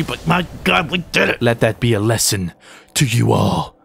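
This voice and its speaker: Young male gaming host, animated, jokey live commentary, slight background hiss. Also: mid-range voice, moderate pace, gravelly. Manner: excitable, jokey, shouts at opponents. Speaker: gaming YouTuber.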